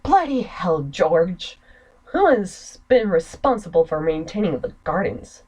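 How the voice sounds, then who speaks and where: A bitter young heir from a murder-mystery game lays out his plans in a measured, ominous tone. An American woman reads him in her own voice. Her pitch swings widely across the lines. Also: very animated, darkish tone, breathy edge, heavily acted, low-quality recording. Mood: scheming. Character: scheming young nobleman, bitter and cold.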